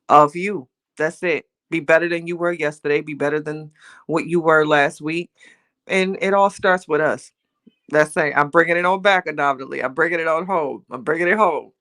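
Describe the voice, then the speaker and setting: A woman's voice: on the low side, fairly bright tone. An older woman hosting a casual motivational livestream, chatty and playful, laughing often and talking straight to her viewers. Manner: playful, teasing, self-mocking. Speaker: livestream host.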